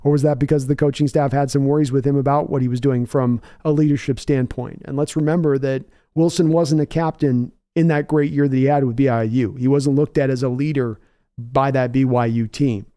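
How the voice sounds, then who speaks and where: A man's voice: mid-range voice, steady tone, fairly quick, mellow, dry recording, studio quality. Rambling man hosting a football stream. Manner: rambling, many fillers and restarts. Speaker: livestream host. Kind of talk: live sports reaction stream, reading chat.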